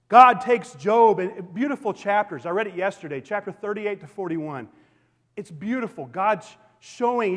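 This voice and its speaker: A male pastor preaching a sermon in a church, emphatic and swinging between loud declarations and hushed, quiet lines. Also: sits high. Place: church sanctuary. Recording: long hall reverb.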